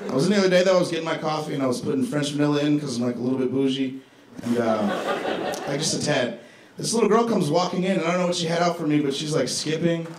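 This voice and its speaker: Laid-back stand-up comic in an echoey club. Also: male voice, on the high side, quick pace. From Chicago. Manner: laid-back, deadpan delivery with profane asides. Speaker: stand-up comedian. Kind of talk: stand-up comedy set. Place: comedy club stage. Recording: echoey club with crowd noise.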